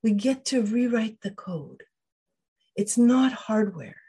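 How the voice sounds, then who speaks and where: A woman's voice: on the high side, lively intonation, slow, dark tone, slightly rough. A woman guest on an interview podcast, explaining ideas thoughtfully with frequent restarts and quoted inner voices. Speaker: podcast guest, emotional wellbeing trainer.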